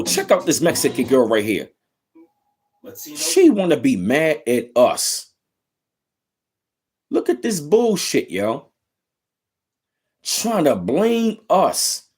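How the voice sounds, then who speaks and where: A man's voice: a little high, darkish tone. Heated profane man ranting. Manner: heated, profane, repeats himself with "yo". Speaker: commentary channel host. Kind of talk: ranting reaction commentary.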